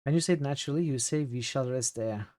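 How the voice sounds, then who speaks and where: A man with a Turkish accent talks casually over his gameplay, reading chat and thinking aloud with plenty of halting fillers. His pitch sits mid-range. The sound is close and dry, with no room around it. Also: mellow, dry recording. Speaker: streamer.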